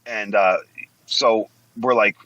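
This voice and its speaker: A man's voice: on the low side, fairly even intonation, slow, sharp tone, highs cut off. A man in his forties, a former wrestler guesting on a podcast, telling blunt, profanity-laced stories in a rambling, casual way. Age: 40s. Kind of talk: casual storytelling interview.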